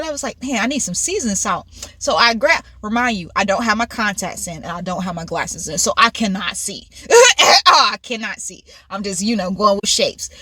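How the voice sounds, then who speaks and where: A woman vlogger telling a casual storytime in an excitable, animated way, recorded inside a car. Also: mid-range voice, husky, no room sound, studio quality.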